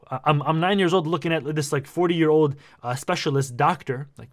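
Animated young man telling a story. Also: a little high, brisk, few pauses. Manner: animated, slangy, says "bro" a lot. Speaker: vlogger. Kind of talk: casual storytelling.

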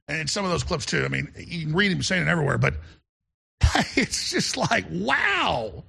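Very gravelly, raspy man hosting talk radio. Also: a little high, very animated, normal speed, bright, forceful tone. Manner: rambling, with many repeated restarts; emphatic and combative. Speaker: talk show host.

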